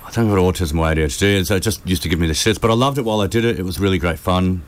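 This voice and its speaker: An Australian man with a low voice talks quickly and loosely, jumping from one tangent to the next. He sounds jokey and scattered. A faint hiss of noise sits behind him. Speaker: painter guest. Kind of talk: casual podcast chat.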